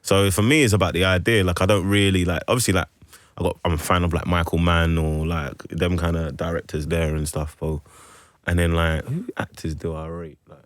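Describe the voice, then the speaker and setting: A man's voice: sits low, little pitch movement, a little fast, dry recording. A man with a London accent chatting as a guest actor on a radio show, rambling and slangy with many fillers. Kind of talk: casual radio interview chat. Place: radio studio.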